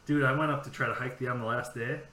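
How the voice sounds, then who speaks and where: Bright-voiced man telling rambling stories. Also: mid-range voice, steady tone, fast talker. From California. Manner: rambling storyteller, swears freely, acts out dialogue. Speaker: podcast co-host. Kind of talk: casual chat. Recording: echoey room with faint background noise.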